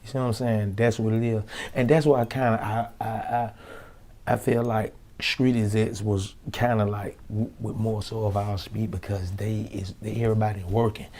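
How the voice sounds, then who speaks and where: A man's voice: fairly low pitch, level tone, moderate pace, darkish tone. A young man, a rapper, telling studio stories in a loose, slangy interview manner and acting out the quotes. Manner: loose slangy street talk, acts out quotes. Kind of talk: casual interview storytelling.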